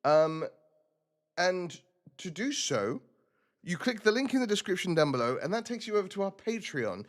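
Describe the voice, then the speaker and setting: A man's voice: high voice, very animated, normal speed. A man streaming a role-playing game, chatting casually and rambling with self-mocking asides.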